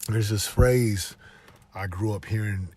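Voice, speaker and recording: Inside a moving car, a tired podcast host gives an earnest, upbeat motivational talk while driving, yawning along the way. His voice is on the low side, slow, a little mellow and husky, and he often repeats phrases.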